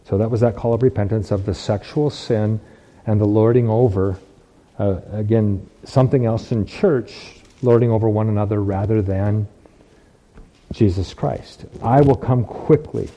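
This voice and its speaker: A man's voice: fairly low pitch, normal speed, dark tone. A man preaching a sermon, reading scripture aloud and repeating key phrases for emphasis.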